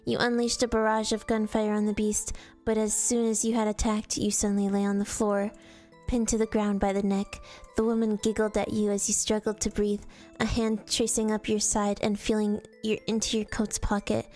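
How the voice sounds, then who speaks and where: A woman's voice: medium pitch, monotone, moderate pace, a little mellow, faint music behind. A woman streamer reading a fan story aloud in a storytelling voice, sometimes stumbling and restarting words. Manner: storytelling read-aloud with casual slips and restarts.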